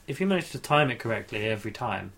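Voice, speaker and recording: A man's voice: medium pitch, sing-song, quick pace, a bit bright. A man chatting casually as a podcast co-host, playful and bantering. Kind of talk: casual chat.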